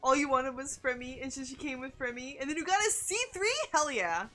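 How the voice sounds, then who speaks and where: A young woman streaming a video game, chatting excitedly with her viewers and reacting to their messages. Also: sits high, a little fast. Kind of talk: casual gaming stream chat.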